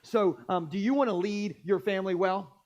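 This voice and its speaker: A male pastor preaching a sermon in a church, telling stories with jokes and lively, animated delivery. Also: high-pitched, normal speed, muffled recording. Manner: animated, jokey storytelling. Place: church stage.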